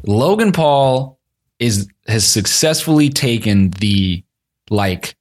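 A man chatting casually on a podcast, telling an animated story, acting out quotes, swearing often and laughing a lot. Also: mid-range voice, slow. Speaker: comedian co-host.

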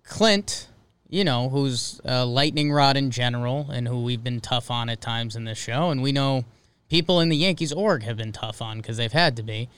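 A man's voice: mid-range voice, normal speed, fairly bright tone, smooth. A man co-hosting a casual sports podcast, rambling with fillers and restarts. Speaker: podcast co-host.

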